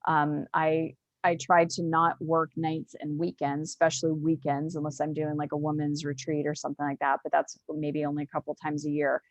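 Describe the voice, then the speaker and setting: Chatty low-voiced woman author. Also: completely flat delivery, normal speed, few pauses, no room sound. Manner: chatty, upbeat, many fillers like "you know". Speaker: author and guest. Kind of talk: casual interview.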